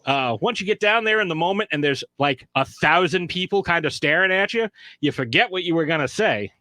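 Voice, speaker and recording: A man's voice: fairly quick, no room sound. A man telling a long personal story on a podcast, acting out the quotes. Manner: animated storyteller, acts out quotes in high voices. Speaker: podcast guest. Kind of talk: casual storytelling.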